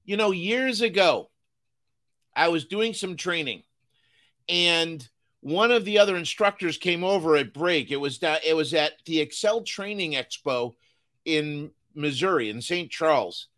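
A man hosting a business podcast, giving an energetic motivational talk and repeating phrases for emphasis. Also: on the high side, measured pace. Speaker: business coach and podcast host.

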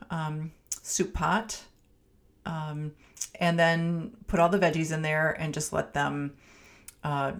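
Chatty Minnesotan woman podcast host. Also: low-pitched. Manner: chatty, homey, with many ums and restarts. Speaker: podcast host and family physician. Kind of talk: casual solo podcast talk.

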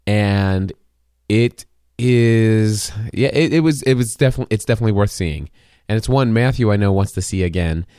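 A man's voice: fairly low pitch, moderate pace, dark tone, clear, resonant tone, no echo, clean studio sound. A man hosting a podcast, talking casually in a rambling way with many restarts. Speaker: podcast host. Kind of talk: casual chat.

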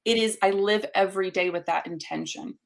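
A woman's voice: mid-range voice, fairly quick, creaky. Upbeat woman coach talking emphatically. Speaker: guest, coach. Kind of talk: conversational interview.

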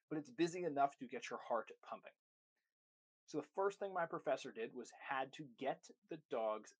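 Dog trainer, young adult man: emphatic teaching voice, mid-pitched, hammers his points home by repeating them. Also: fairly bright tone. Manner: emphatic, repeats key phrases. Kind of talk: instructional talk to camera.

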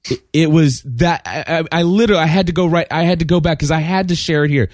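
A man from Kentucky hosts a podcast in a casual, earnest way, often stumbling and restarting as he gets emotional. His voice sits a little high. The recording is close and dry. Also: fast, dry recording. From Kentucky, USA. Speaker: podcast host.

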